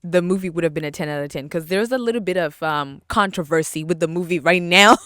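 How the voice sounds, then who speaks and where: A woman's voice: on the low side, smooth, dry recording, studio quality. A young woman hosting a casual solo podcast, bubbly and chatty, laughing often and repeating words for emphasis. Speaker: podcast host.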